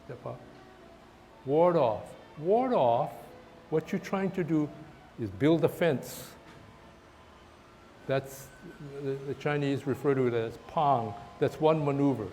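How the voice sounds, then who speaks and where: Male tai chi teacher, halting and repetitive while demonstrating, faint background noise. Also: mid-range voice, a little mellow. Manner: halting, repeats words, talks while demonstrating moves. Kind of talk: outdoor class instruction. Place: park, outdoors.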